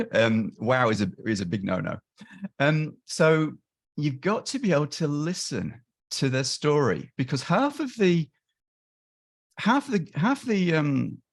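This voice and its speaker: A man on a webinar video call, explaining his years of crisis line volunteering, with frequent restarts and quick acted-out quotes of callers and helpers. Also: mid-range voice, vocal fry, breathy edge. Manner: frequent restarts and self-corrections. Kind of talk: webinar discussion.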